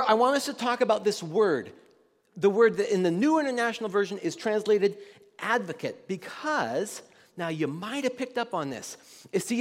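Pastor, male, high voice; loose, chatty preaching that quizzes the room, reverb-heavy church hall. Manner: conversational, quizzes the room, many restarts. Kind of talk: sermon to a congregation.

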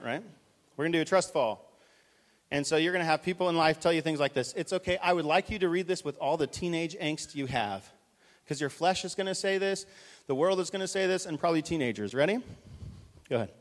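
A man's voice: on the high side, fast. Man preaching in a reverberant church hall. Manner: conversational, urgent, directs volunteers on stage. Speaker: pastor. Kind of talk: live sermon with stage illustration.

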